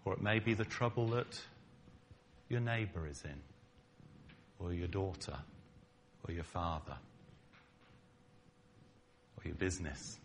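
A middle-aged pastor with a deep, slightly slow voice preaches a conversational sermon, leaving long pauses. He banters with his congregation and acts out quoted lines dramatically, over slight background noise.

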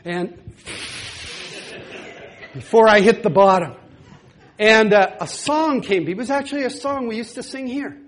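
Animated high-voiced man preaching a story. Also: unhurried, pauses often. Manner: animated, laughing storyteller who breaks into song. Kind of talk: sermon storytelling.

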